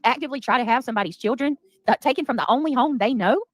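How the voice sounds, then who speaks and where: A woman's voice: high-pitched, very fast, soft background music. A woman hosting a casual livestream, chatting and thanking her viewers by name. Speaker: livestream host.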